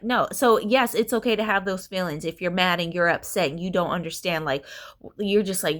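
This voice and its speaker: A woman's voice: on the low side, normal speed. A woman vlogger giving an emphatic motivational talk to her viewers. She repeats herself for effect and swears casually, speaking from a hotel room. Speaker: inspirational vlogger.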